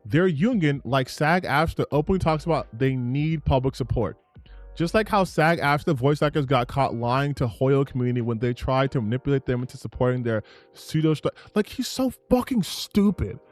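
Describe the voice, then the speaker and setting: A man's voice: medium pitch, a little fast, no room sound, faint music behind. A man giving heated, profane reaction commentary on gaming news, ranting and repeating himself for emphasis.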